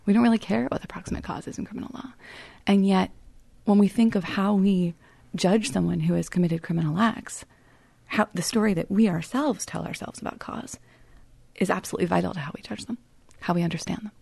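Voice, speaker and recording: A woman author being interviewed, telling a legal story in a thoughtful, measured way, sometimes dropping her voice very low. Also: gravelly, slightly rough, no room sound. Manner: thoughtful, storytelling, drops to soft near-whisper at grim points. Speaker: author and writing teacher. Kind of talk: interview guest explaining.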